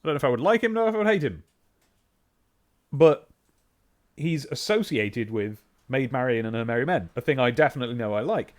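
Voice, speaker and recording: A man's voice: mid-range voice, expressive, fairly quick, pauses often. A man in his thirties, chatting casually and rambling while live-streaming a game. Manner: rambling, self-interrupting, chatty.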